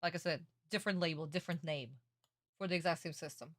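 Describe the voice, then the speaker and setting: A young woman streamer reacting casually, blunt and swearing, easily excited. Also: sits low, fast, dry recording, clean studio sound.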